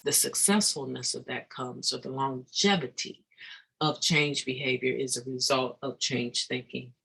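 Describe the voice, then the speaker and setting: A recovery meeting speaker giving an earnest, reflective daily meditation talk, halting and restarting mid-thought with sudden emphatic bursts. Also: mid-range voice, creaky, a bit bright, slightly rough, rough recording.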